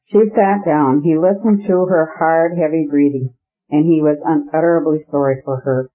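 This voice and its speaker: A man reading a classic novel aloud as an audiobook narrator, steady and measured, in a muffled lo-fi recording. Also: fairly high pitch.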